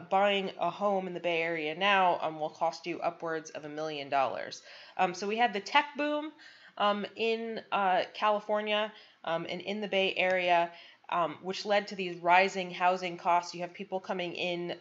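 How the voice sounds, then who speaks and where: A woman giving a college lecture, pausing often with frequent ums and restarts. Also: fairly low pitch. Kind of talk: recorded lecture. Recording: dull lo-fi lecture recording.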